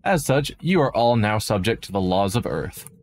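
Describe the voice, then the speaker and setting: A smug, smiling military commander, read by a man narrating a game in a low, proud, stubborn voice. He talks smoothly and never raises it, with faint noise behind. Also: animated, moderate pace, darkish tone, lightly acted.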